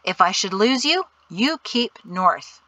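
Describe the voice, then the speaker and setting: A woman reading an audiobook voices a calm, wry male guide in a matter-of-fact way. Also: sits high, slow pace, no room sound, exaggerated voice, low-quality recording. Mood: instructing.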